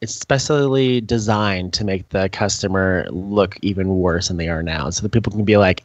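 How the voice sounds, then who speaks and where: A man co-hosting a podcast, casually telling work stories and acting out quotes in high squeaky voices. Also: moderate pace, few pauses, dry recording. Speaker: podcast co-host. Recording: dull lo-fi mic, dry.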